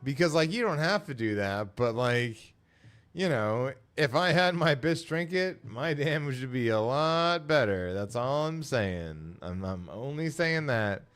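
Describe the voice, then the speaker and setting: Laid-back man with smooth voice. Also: mid-range voice, animated, measured pace, a bit bright. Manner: laid-back, rambling, wry complaints. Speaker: co-host. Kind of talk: comedic casual talk.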